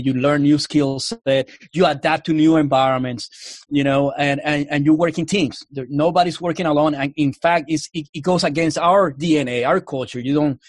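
A Canadian-accented army officer appears as a guest in a casual interview, speaking earnestly and often restarting his words. His voice is on the high side, captured in a dry, studio-quality recording.

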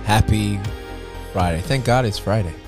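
A man co-hosting a casual podcast chat, joking around and teasing his friend with quick impressions. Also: on the low side, music in the background. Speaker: podcast co-host.

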